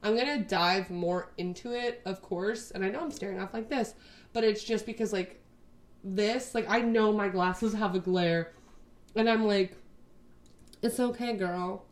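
A woman's voice: mid-range voice, normal speed. A woman in her twenties from Texas, chatting casually to her camera in a rambling, sweary way, full of "like". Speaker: vlogger.

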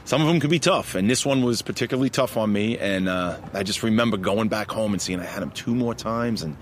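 A man's voice: fairly low pitch, fairly quick. A man with a Long Island accent, a basketball referee telling stories in a casual interview and often tossing in "man". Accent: Long Island New York. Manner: animated, laughs often, says "man" a lot. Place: outdoors in a park, traffic behind. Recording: faint outdoor traffic noise.

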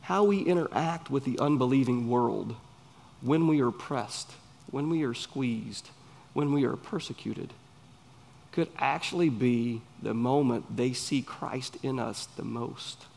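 A man with a Southern US accent, preaching a sermon in an earnest, emphatic way with pauses between phrases. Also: medium pitch, creaky, a little mellow. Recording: long hall reverb.

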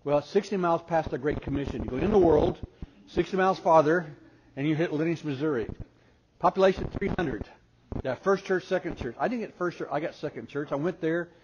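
A man preaching with humor to a conference crowd, spinning stories and putting on the voices of people in them. His voice sits a bit high for a man. The recording is muffled and lo-fi with a light hiss behind it. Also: a little fast. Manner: animated storyteller who acts out voices. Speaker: speaker at a parenting conference. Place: conference hall before an audience. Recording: dull lo-fi recording with faint noise.

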